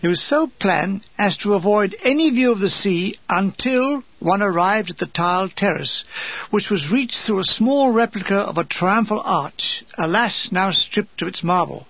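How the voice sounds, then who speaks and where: A man reads his own memoir aloud, slipping in dry, comic asides. His voice is gravelly and husky, sitting fairly high. The recording is dull and lo-fi. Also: lively intonation, normal speed, dry recording. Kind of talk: scripted memoir narration.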